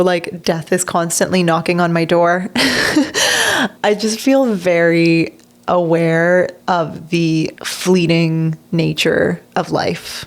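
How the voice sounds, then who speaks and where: A young woman hosting a podcast reflects on personal growth in an open, earnest monologue, laughing often and sometimes tearing up. Her voice is mid-range with a darkish tone.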